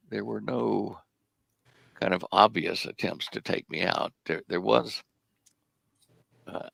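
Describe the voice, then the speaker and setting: An older American man's creaky voice sits low and a bit bright, recorded with no echo. He's a guest in an interview, casually rambling through long stories and hesitating often.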